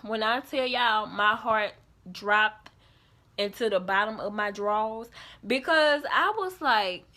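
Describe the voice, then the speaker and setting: A young woman telling a casual storytime vlog, animated and acting out the people in her story. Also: mid-range voice, slow. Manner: animated storytelling, quoting others in put-on voices. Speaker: vlogger.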